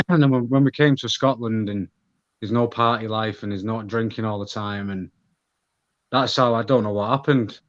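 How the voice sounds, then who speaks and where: A man with a Manchester accent, a podcast guest chatting casually about himself in a relaxed, rambling way. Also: fairly low pitch, normal speed, highs cut off. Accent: Mancunian. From England. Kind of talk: casual conversation.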